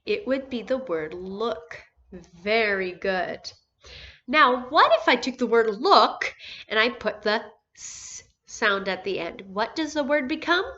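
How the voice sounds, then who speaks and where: A woman teaching a phonics lesson to first graders, speaking slowly and clearly, sounding out letters and praising answers. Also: a little high, animated, pushed and bright, highs cut off. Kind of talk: phonics lesson for young children.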